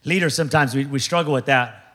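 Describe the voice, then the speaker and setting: A man preaching a sermon as pastor before a large church, animated and jokey, acting out other people's voices. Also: mid-range voice, fast.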